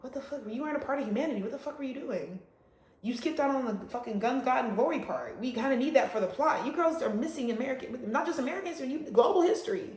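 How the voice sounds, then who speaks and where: Higher-pitched woman ranting bluntly in an echoey room. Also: fast. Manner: blunt, profane and animated, with frequent loud emphasis. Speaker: astrology vlogger. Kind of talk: casual ranting monologue.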